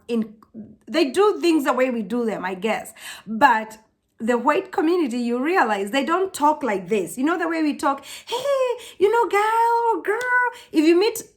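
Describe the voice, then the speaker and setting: A young African woman with a high voice talks straight to her camera in a casual vlog chat. She tells her stories with energy and breaks into lively, acted-out quotes. Her delivery is warm and conversational. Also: moderate pace. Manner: animated storytelling, acts out quotes in high voices. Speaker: vlogger.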